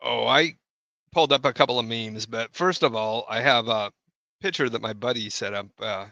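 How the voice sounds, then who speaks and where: A man in his forties to fifties co-hosting a casual reaction podcast, chuckling often and pausing on lots of "uh"s. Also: mid-range voice, creaky, bright, forceful tone, dry recording, highs cut off. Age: 40s to 50s. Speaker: podcast co-host. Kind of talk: casual reaction-show banter.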